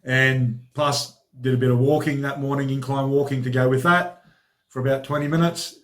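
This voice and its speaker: A man's voice: medium pitch, fairly even intonation, moderate pace. A man hosting his own training diary vlog as a personal trainer, talking in a chatty, informal, upbeat way.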